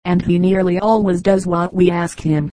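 A woman's voice: fairly low pitch, steady tone, moderate pace, dark tone, dry recording, natural voice. A woman voicing a cheerful, kind young girl who speaks encouragingly.

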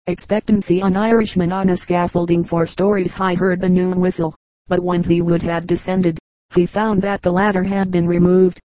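Mellow woman reading humorous anecdotes. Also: fairly low pitch, normal speed, no room sound, rough recording. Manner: even storytelling read, voicing quoted lines. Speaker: audiobook narrator. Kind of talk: scripted narration of short humorous anecdotes.

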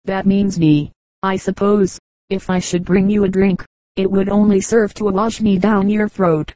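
A sharp, sceptical storybook sheep as a woman reads it, flat and dry, low mellow voice close to the mic. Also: a little slow, dry recording, natural voice, poor audio. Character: wary, sharp-witted sheep.

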